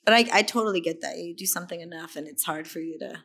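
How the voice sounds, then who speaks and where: A young woman, an actress, chatting as an interview guest in an animated way, saying "like" a lot and acting out voices. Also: on the low side, fast talker, vocal fry, husky. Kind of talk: casual interview chat.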